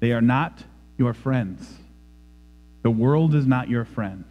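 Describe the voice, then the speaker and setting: A man's voice: medium pitch, slow pace, big-room sound, lo-fi sound. A man preaching a sermon in a church, emphatic and dramatic. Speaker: pastor. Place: church sanctuary.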